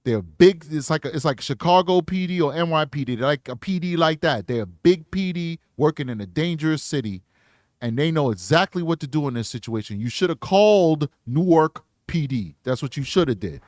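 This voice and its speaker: A man's voice: fairly high pitch, expressive, a little fast, darkish tone, no echo, studio quality. A man hosting a true crime channel, commenting bluntly in slangy casual talk while reading posts aloud.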